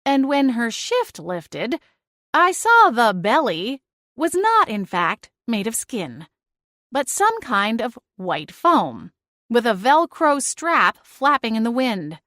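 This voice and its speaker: A woman narrating a first-person audiobook in a lively, dramatic storytelling manner. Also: fairly high pitch, slow, dry recording, clean studio sound.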